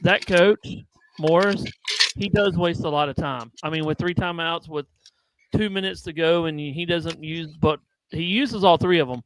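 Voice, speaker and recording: A man's voice: fairly high pitch, moderate pace, a little hiss or hum, rough recording. A man co-hosting a casual football talk stream, speaking in a conversational way. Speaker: co-host.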